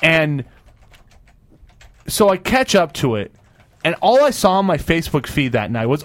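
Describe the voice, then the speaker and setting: A male radio co-host with a slightly high voice that swings widely in pitch as he rants. He talks in casual banter, recorded close and dry in a studio. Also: a little slow, long pauses, no room sound. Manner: animated, ranting, jumps up in pitch for mock quotes.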